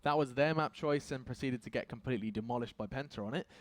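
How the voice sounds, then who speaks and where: A man casting a competitive video game match, calling the action with quick excitable commentary and self-deprecating jokes. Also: medium pitch, a little hiss or hum. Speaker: esports caster. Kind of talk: esports play-by-play commentary.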